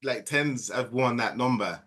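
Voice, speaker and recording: Bright-voiced Brummie man talking football. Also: mid-range voice, unhurried. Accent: Birmingham. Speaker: guest pundit. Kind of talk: casual football chat.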